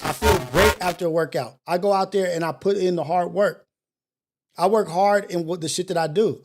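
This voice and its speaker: A middle-aged man hosting a morning show, giving a blunt, profane, self-mocking motivational monologue. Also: sits high.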